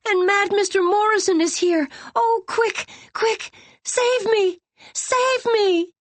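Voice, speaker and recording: A woman's voice: slow, no echo. A woman narrator voicing a terrified young girl who shrieks and pleads to be saved. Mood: panicked. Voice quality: shrill, pleading.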